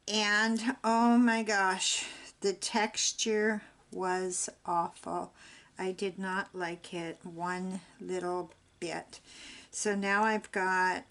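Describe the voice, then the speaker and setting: Slow-talking older woman chatting while crafting. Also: on the low side. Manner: rambling, homey, talks while working. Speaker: craft vlogger.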